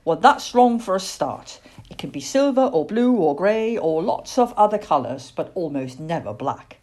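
A calm, firm mother barn owl, as a woman puts her on in a storybook. Her voice is low and a little husky, patient yet gently teasing, with a wide lift when she makes a point. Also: moderate pace.

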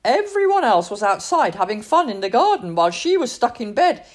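A woman reading a children's storybook aloud in an expressive, sing-song way. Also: a little high, a little fast.

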